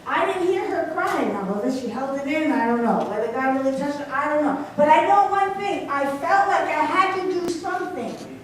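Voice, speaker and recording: High-voiced woman preaching in an echoey church. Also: animated, normal speed, hardly any pauses, recorded from a distance, a little hiss or hum. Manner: storytelling, asks congregation questions. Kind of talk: sermon. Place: church sanctuary.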